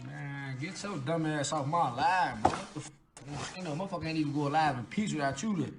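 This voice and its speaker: A man's voice: a little high, fairly quick. Sex: man. Style: livestream rant. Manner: aggressive, taunting. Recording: noisy livestream clip.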